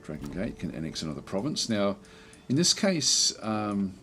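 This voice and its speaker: Playing a strategy game, a man gives easygoing let's play commentary, reasoning aloud and frequently restarting or using fillers. He has a lowish voice at a moderate pace, with slight background noise.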